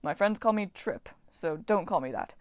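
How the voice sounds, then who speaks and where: A woman's voice: lowish voice, expressive, moderate pace, no room sound, clean studio sound, natural voice. A woman voicing an eccentric, self-absorbed male farming god, chatty and enthusiastic, in a storybook reading.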